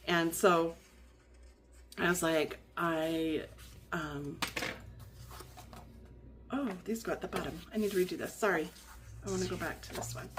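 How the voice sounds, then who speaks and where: A woman's voice: low-pitched, moderate pace, long pauses. A woman vlogger chatting in a rambling way with lots of fillers and restarts while she decorates her planner. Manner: rambling, many fillers and restarts, laughs often.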